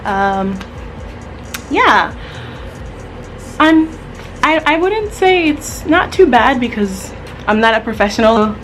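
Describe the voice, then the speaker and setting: Chatty woman vlogger, higher voice. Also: slow pace, long pauses, soft background music. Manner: chatty, relaxed, with filler "um"s. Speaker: beauty vlogger. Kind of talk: casual tutorial narration.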